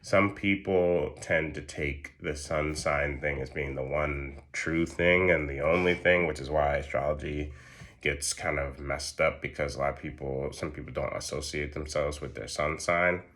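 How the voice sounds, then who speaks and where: A man's voice: extremely low pitch, moderate pace. A man giving a casual astrology chart reading, profane and slangy. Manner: profane, slangy, animated storytelling. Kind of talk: casual solo explainer.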